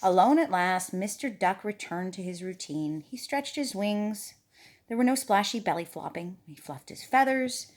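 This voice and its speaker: A woman's voice: medium pitch, expressive, normal speed. Playful woman reading a picture book aloud. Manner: playful, chatty asides with the listening child. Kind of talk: storybook read-aloud to a child.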